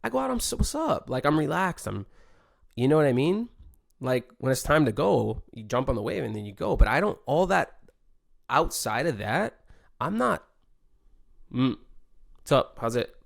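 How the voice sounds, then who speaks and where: A man's voice: fairly high pitch, big pitch swings, moderate pace, vocal fry, no echo, studio quality. A man talking casually and reflectively, full of laid-back surfer slang and fillers. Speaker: pro surfer podcaster.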